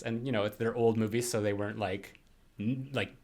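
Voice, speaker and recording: A man's voice: on the low side, steady tone, fairly quick, a little mellow. A man co-hosting a podcast in casual chat, rambling with lots of fillers and frequent laughs. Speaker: podcast co-host.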